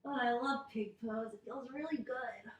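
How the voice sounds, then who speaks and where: A woman leading a children's yoga storytime, speaking gently and encouragingly and making animal sounds. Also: on the high side, moderate pace, recorded from a distance. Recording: echoey room.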